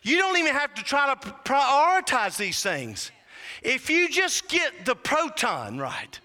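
Fervent preacher, bright high voice, reverberant hall. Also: male voice, wildly swooping pitch, measured pace. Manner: fervent, builds to shouting whoops; humorous asides to the congregation. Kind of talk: sermon.

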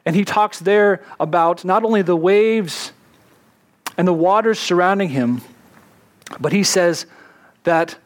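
A man, a pastor, preaching a sermon in an earnest way, slowing down to stress key words. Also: sits high, lively intonation.

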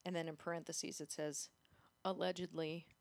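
A woman co-hosting a casual movie podcast, chatty and quick to laugh. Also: mid-range voice, dry recording. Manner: chatty, laughs easily, trails off softly. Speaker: podcast co-host.

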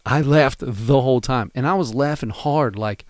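Animated man with a dry close sound. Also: medium pitch, moderate pace, no room sound. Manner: animated, laughing, emphatic storyteller. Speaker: podcast co-host. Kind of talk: casual chat reviewing comedy specials.

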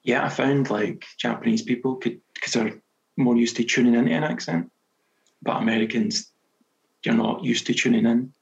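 Gravelly-voiced Scottish man, self-deprecating. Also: mid-range voice, moderate pace, muffled recording. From Scotland. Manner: relaxed, self-deprecating storytelling. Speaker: guest, novelist. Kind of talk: casual interview chat.

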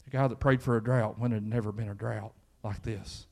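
A man's voice: on the low side, fairly even intonation, a little fast, vocal fry, darkish tone. A man with a Kentucky accent, preaching a sermon in church in a conversational style that rises into fervent emphasis. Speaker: pastor.

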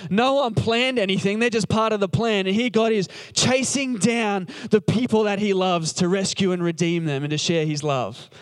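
A man's voice: high-pitched, normal speed, hardly any pauses. A man preaching casually, retelling a Bible story in a chatty, joking way and acting out the characters' lines. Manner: conversational, jokey, acts out the characters' lines. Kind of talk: casual sermon retelling scripture.

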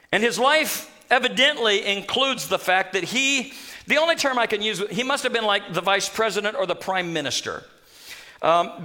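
A man preaching a sermon, telling a scripture story with animated humor. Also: high-pitched. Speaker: pastor.

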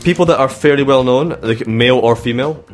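A man's voice: mid-range voice, fast. A man in his twenties hosting a radio show, chatting playfully with a guest and laughing often. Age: 20s. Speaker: radio host. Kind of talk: casual chat with a guest. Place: radio studio. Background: faint background music.

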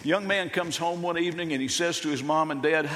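Older male pastor, sermon, folksy halting delivery, slightly high voice, long reverb. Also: fairly bright tone. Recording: long reverb of a church hall.

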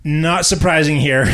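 A man's voice: a little high, a bit bright. A man co-hosting a podcast, rambling and joking in casual chat with lots of fillers. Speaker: podcast co-host.

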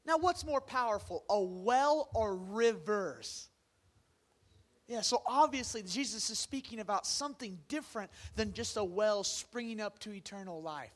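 A man preaching a sermon to a congregation, asking them questions and swinging from loud bursts down to hushed near-whispers. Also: sits high, animated, measured pace. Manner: conversational, asks the congregation questions. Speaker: pastor.

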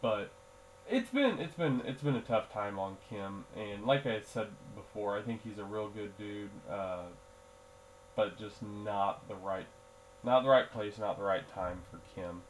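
A man's voice: fairly low pitch, unhurried, slight background noise, poor audio. A man hosting a solo sports podcast, talking casually in a groggy early-morning voice, rambling with fillers and restarts. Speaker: podcast host.

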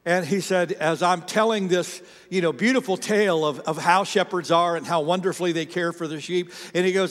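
A man's voice: high-pitched, a little fast, few pauses, a bit bright, in a large hall. A man preaching a sermon in a conversational, storytelling way, often restarting his sentences. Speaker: pastor.

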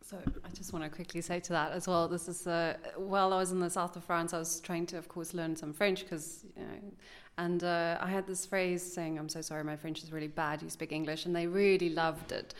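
A woman from South Africa telling an animated story in a casual group discussion, laughing often. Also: lowish voice, a little fast.

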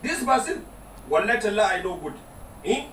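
Excitable Nigerian man in a roomy skit. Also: sits high, moderate pace. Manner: excitable, exclaiming, argumentative. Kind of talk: Nigerian Pidgin comedy skit. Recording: roomy sound from a distance with faint noise.

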